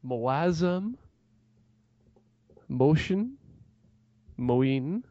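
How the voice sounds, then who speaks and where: Male co-host, mellow low timbre, wry, slightly dull dry audio. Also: big pitch swings, very slow, no echo. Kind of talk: casual chat.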